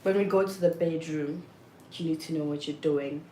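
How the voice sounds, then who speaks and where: A young woman chatting candidly and frankly, often getting loud and exasperated as she makes her point. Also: low voice, fairly even intonation, moderate pace. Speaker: vlogger. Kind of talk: candid casual chat. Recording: roomy echo with faint background noise.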